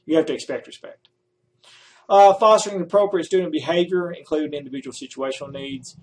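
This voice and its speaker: A middle-aged man with a fairly high voice coaches student teachers in a direct, emphatic way. He hammers home his points by saying them again. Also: fairly quick, darkish tone, slight background noise. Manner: emphatic, repeats key points. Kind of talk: advice talk to student teachers.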